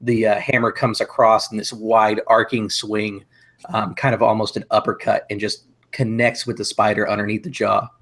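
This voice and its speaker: A man playing a tabletop game, describing his character's attacks in a measured way with frequent fillers. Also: fairly low pitch, flat delivery, a bit bright. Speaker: player.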